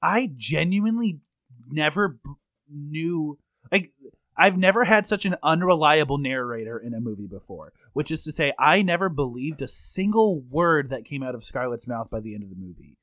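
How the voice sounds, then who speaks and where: A man's voice: fairly high pitch, animated, moderate pace, a bit bright, dry recording. A man co-hosting a casual movie review chat, thoughtful and careful to qualify his points. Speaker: podcast co-host.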